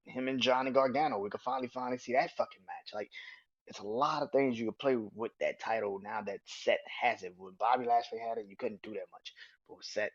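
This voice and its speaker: A man hosting his own podcast, giving a casual, animated review that is full of swearing, with bursts of acted-out quotes. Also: medium pitch, no echo, dull audio. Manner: animated, swears freely, acts out quotes in raised voices. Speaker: podcast host. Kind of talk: casual solo wrestling review.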